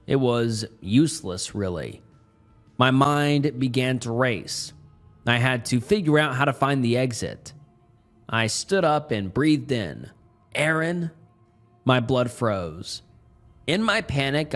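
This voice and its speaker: Man, horror story narrator, mid-pitched voice, tense measured delivery, faint music underneath. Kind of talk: scripted narration.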